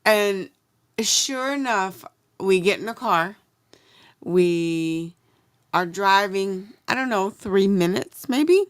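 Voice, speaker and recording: An American woman co-hosting a podcast, telling a story in a chatty, animated way. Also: medium pitch, takes it slowly, clear, resonant tone, dry recording, studio quality. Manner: chatty, animated retelling with acted-out quotes. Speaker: podcast co-host. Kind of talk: casual storytelling chat.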